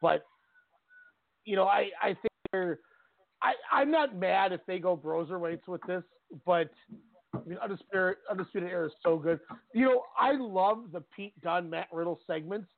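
A man's voice: high voice, moderate pace, creaky, no room sound. Opinionated guy on sports radio, dry tinny phone sound, laughs a lot. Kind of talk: casual wrestling talk.

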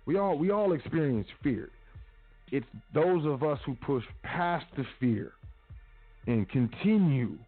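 A man's voice: fairly high pitch, lively intonation, a little slow, faint music behind. Man preaching casually over a tinny line. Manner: casual, preachy, repetitive urging. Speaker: podcast host. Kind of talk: motivational talk. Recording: tinny phone-like audio.

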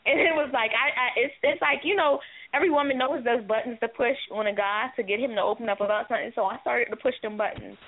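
A woman's voice: a little high, fast talker. A woman co-hosting a casual call-in talk show, telling a candid personal story, acting out the dialogue and swearing freely. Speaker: co-host. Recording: tinny phone-line audio.

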